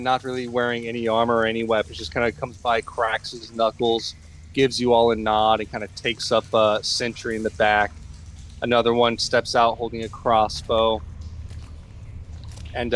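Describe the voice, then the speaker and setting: A man running a tabletop game as game master, describing the scene in a loose, relaxed way. He pads his narration with many fillers and restarts. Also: medium pitch, a little hiss or hum.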